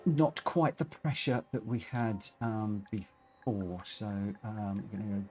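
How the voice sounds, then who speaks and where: With a lowish, fairly even voice, this man takes his time speaking over background noise. His live stream commentary on a racing game mixes reading chat aloud with filler-heavy chatting, and he's a touch short of breath.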